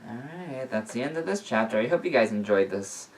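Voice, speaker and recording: A man's voice: mid-range voice, animated, fairly quick, recorded from a distance. A man reading a fan fiction story aloud in a casual way, stumbling and restarting now and then. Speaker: story reader.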